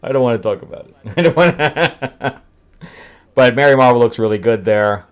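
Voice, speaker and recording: A man's voice: medium pitch, moderate pace. A man hosting a casual comic book review, wry and mocking, often breaking into laughter. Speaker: host, screenwriter reviewing comics.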